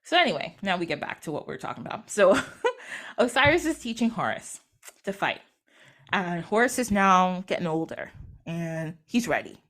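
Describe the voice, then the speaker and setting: A woman casually retelling a myth, animated and laughing often as she acts out the quotes. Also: fairly low pitch, normal speed. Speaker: podcast guest or host.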